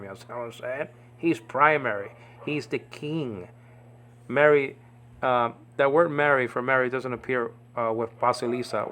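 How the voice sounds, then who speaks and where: A man's voice: medium pitch, fairly bright tone. A man giving an informal Bible Greek lesson, rambling and often checking in with "okay?" and "you understand?". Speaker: Greek language teacher.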